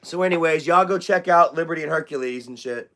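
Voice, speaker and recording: Young dude rambling on his livestream, kinda high voice, swears a lot, tons of filler words. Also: fast, fairly bright tone. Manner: rambling, loose and profane, heavy on fillers. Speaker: livestream host. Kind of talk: casual livestream chat.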